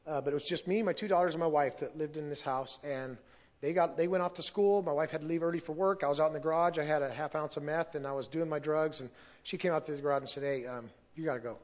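A man's voice: fairly high pitch, fairly even intonation, fast talker, lo-fi sound. A middle-aged man giving a personal testimony at a church service, earnest and emotional, sometimes losing his place.

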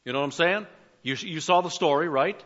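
Older preacher, high voice, lo-fi. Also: male voice, brisk. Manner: preacherly, rising to emphatic calls and dropping to quiet asides. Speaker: pastor. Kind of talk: sermon.

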